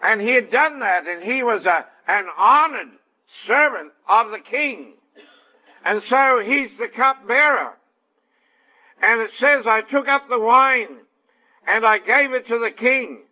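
A man delivering a sermon in a high-pitched voice. He tells the story vividly and acts out the dialogue as he goes. The recording sounds dull and lo-fi. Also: expressive, measured pace. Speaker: preacher.

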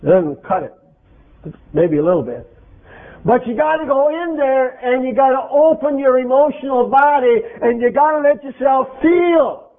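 A man's voice: very high-pitched, lively intonation, normal speed. A man preaching an interactive sermon, speaking emphatically and quizzing his congregation with questions. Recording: tinny phone-like lo-fi recording.

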